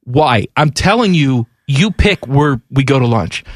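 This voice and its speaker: A man hosting a radio show, joking loudly and mocking himself in casual banter. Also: medium pitch, lively intonation, unhurried, no echo. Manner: loud, joking, self-mocking.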